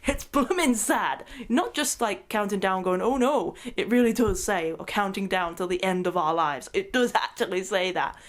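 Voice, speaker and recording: A woman recapping a movie in a rambling, excitable rant, often breaking into laughter mid-sentence. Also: mid-range voice, normal speed, hardly any pauses. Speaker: movie reviewer.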